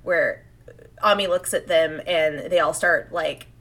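A woman co-hosting a casual podcast chat, animated and laughing often as she acts out quotes. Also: deep voice, unhurried. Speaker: podcast co-host. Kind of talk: casual chat comparing anime versions.

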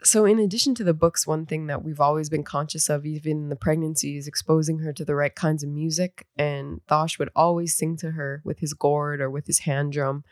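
A woman's voice: deep voice, fairly even intonation, fairly quick, hardly any pauses, a little mellow, dry recording, clean studio sound. A young mother speaking earnestly and encouragingly about raising her baby with cultural traditions. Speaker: mother sharing parenting traditions. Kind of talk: reflective talk.

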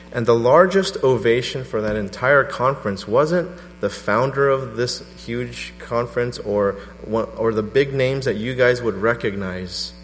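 Man, pastor, middle-aged, animated sermon storytelling, echoing hall, faint mains hum. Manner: animated storytelling, voice rising to a high pitch in quoted prayers.

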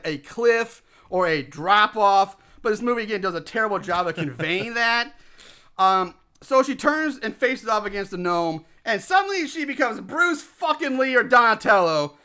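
Podcast co-host, male, high bright voice, yelling profane rant style. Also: animated, moderate pace. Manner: loud, ranting, swears a lot. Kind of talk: profane casual movie recap.

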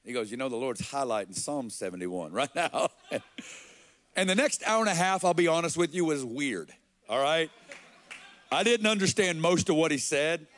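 A man from Arkansas, preaching and telling a personal story in an earnest, halting way. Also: a little high, animated, a bit bright. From Arkansas, USA. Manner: earnest, slow and halting, with quoted dialogue. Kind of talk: sermon storytelling.

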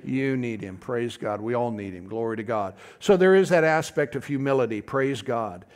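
A man's voice: mid-range voice, moderate pace. A middle-aged man preaching a folksy, conversational sermon, often calling out to his congregation.

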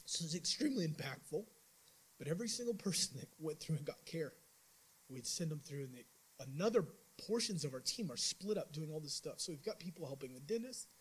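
Husky-voiced man telling a mission story. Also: on the high side, fairly quick, low-quality recording. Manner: animated storytelling with many restarts and acted-out quotes. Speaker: church member giving a mission trip report. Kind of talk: informal sermon testimony.

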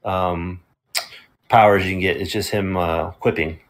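Dude with a lowish voice, hesitant, lots of ums, chill podcast recap. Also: male voice, steady tone, unhurried. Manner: hesitant, many ums and uhs while recapping. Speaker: podcast co-host. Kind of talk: casual game review chat.

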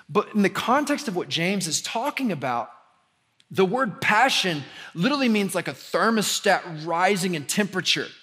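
A young man from the preaching a conversational sermon as pastor, rising in pitch and volume when he drives a point home. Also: a bit bright. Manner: conversational preaching with sudden emphatic rises.

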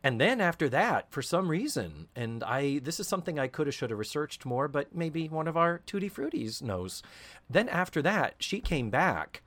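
Animated, lively-voiced man chatting. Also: on the high side, moderate pace. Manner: animated storyteller, swearing, slips into mock Cockney quotes. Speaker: podcast co-host. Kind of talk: casual chat.

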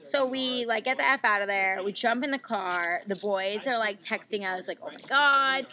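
A woman's voice: medium pitch, normal speed, pushed and bright, low-quality recording. A young woman co-hosting a podcast, telling a wild story in a casual, giggly way with lots of fillers, recorded at a birthday barbecue. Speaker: podcast co-host.

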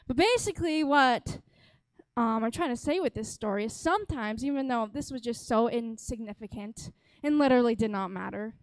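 Young woman with a high voice, telling a playful, exaggerated story to a congregation; lively and theatrical, close and dry sound. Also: moderate pace, dry recording. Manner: animated, dramatic, exaggerating for laughs. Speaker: worship leader giving a talk. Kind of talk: humorous storytelling talk to a congregation. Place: church stage.

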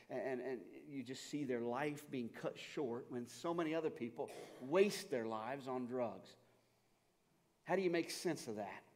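A man preaching a sermon as a pastor, earnest and often stammering, moving between loud pleading passages and hushed, reflective ones. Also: medium pitch. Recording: long hall reverb.

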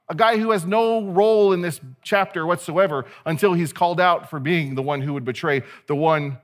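A man preaching a sermon as pastor, animated and conversational, with playful asides to his listeners. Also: on the high side, normal speed, few pauses.

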